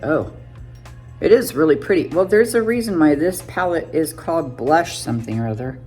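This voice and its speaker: Low-voiced chatty woman doing makeup. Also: lively intonation, normal speed, warm tone, breathy edge, soft background music. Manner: chatty, self-deprecating, narrates each step. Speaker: beauty vlogger. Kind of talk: casual makeup tutorial.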